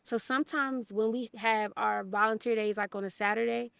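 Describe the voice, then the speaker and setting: A woman's voice: fairly high pitch, moderate pace, gravelly, clean tone, no echo. A woman who helps at a community garden, chatting casually in an interview and often saying "like" and "um". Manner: relaxed, many fillers like "like" and "um".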